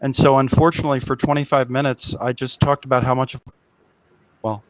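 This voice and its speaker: A man's voice: medium pitch, level tone, brisk, dry recording, muffled recording. A man hosting a live web show, talking in a rambling, agitated way and swearing often. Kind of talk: casual live-stream chat.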